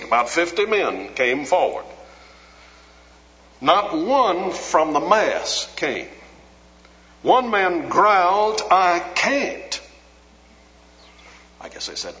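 A man preaching a sermon, retelling a story with dramatic rises for quoted lines and sinking low and soft when he prays. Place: large auditorium. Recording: dull lo-fi sound with long hall reverb.

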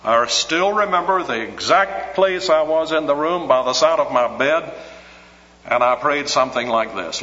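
A man's voice: a little high, lively intonation, moderate pace, sharp tone. A man preaching a sermon, earnest and teacherly, repeating his scripture text for emphasis. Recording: dull lo-fi recording in an echoey hall.

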